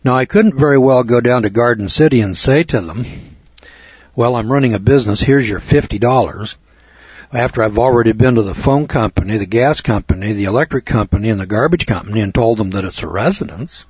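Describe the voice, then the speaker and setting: A man's voice: mid-range voice, fairly quick, darkish tone, breathy edge, no echo, muffled recording. A man telling a folksy anecdote to an audience in a conversational way, repeating phrases for emphasis. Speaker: storyteller addressing an audience.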